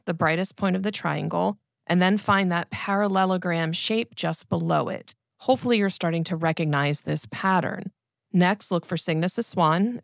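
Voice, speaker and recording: A woman giving a calm, clear scripted narration as an astronomy educator. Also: lowish voice, no room sound, clean studio sound. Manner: calm, clear instructional delivery.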